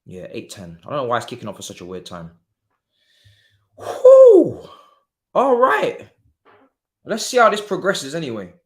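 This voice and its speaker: A man's voice: mid-range voice, wildly swooping pitch, a little fast, fairly bright tone. A young man streaming a live football watchalong, talking in slangy, exclamatory bursts and muttering asides to himself.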